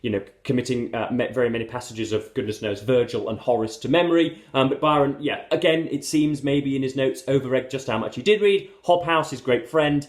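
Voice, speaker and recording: A man's voice: medium pitch, brisk, hardly any pauses. Rambling, wordy man in an echoey room. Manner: hesitant and rambling with many fillers, erudite wording, wry asides to "folks". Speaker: book reviewer. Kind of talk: casual book commentary to camera. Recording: roomy echo.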